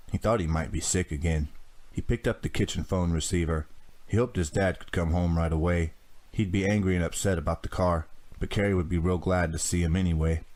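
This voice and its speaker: A man narrating a teen horror audiobook in a measured, even storytelling manner. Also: low voice.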